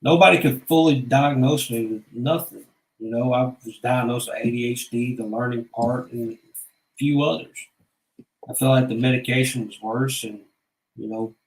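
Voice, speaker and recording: A man's voice: medium pitch, fairly even intonation, normal speed, a little mellow. Blunt man in an echoey room. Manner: blunt, rambling, profane. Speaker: vlogger. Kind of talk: casual personal storytelling.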